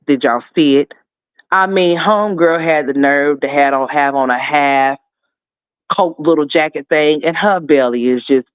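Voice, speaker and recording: A man's voice: a little high, no room sound. A man hosting commentary, ranting heatedly and profanely with a sassy edge. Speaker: commentary host. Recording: tinny phone-like dry sound.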